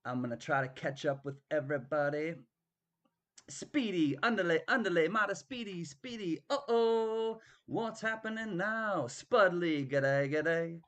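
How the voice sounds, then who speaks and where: A man's voice: sits high, lively intonation, a little slow, a bit bright. A man hosting a live online auction, greeting viewers by name in a playful, drawling way with bits of song. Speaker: auction host. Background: guitar music.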